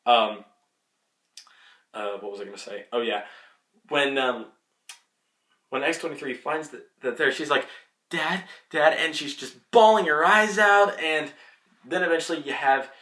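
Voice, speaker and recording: A young man giving a casual, rambling movie spoiler review as a vlogger, excitable and full of fillers. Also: medium pitch, moderate pace, long pauses. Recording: echoey room.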